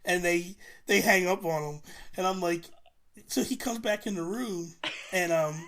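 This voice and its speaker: A man's voice: sits high, a little slow, a bit bright. A man in his forties, a podcast guest in casual chat, telling stories animatedly and swearing freely. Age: 40s.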